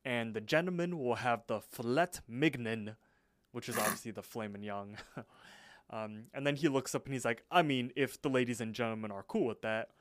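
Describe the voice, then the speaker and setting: A man's voice: medium pitch, dry recording, studio quality. Young man recapping a cartoon, casual. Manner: retells scenes, voicing characters in quick impressions. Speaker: podcast co-host.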